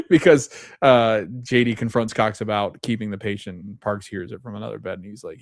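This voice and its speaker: Guy on a podcast rambling through a show recap, lowish voice, dry close sound. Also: steady tone, moderate pace, dry recording. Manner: rambling, retells scenes with loose quotes and fillers. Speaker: podcast host. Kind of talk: casual recap and reaction.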